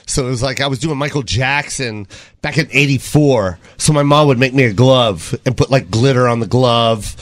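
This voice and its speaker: A man who is a comedian, telling stories as a talk-show guest in an animated, playful way. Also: mid-range voice, normal speed, no room sound. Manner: animated storytelling with playful voices. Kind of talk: casual talk-show chat.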